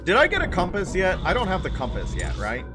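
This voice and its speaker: A man's voice: high-pitched, huge pitch swings, fast talker. A man streaming a video game, chatting casually with viewers in rambling, self-aware asides. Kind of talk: casual let's-play commentary. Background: game music.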